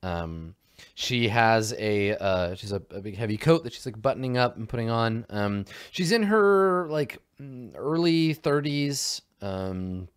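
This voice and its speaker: A man narrating a tabletop game as game master, meandering with many ums and likes and trailing off softly. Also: mid-range voice, lively intonation, a little slow, smooth.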